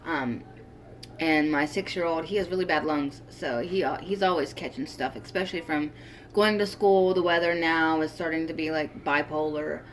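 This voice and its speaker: Chatty young woman, lowish voice. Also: normal speed, slight background noise. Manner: chatty, rambling, with many fillers and restarts. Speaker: vlogger. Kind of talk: casual commentary vlog.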